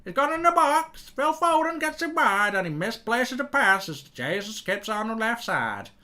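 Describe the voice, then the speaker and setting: A man putting on an American accent to play an excitable sports commentator calling a football match. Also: exaggerated voice. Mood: hyped. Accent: American, attempted. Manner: high, drawn-out play-by-play calling.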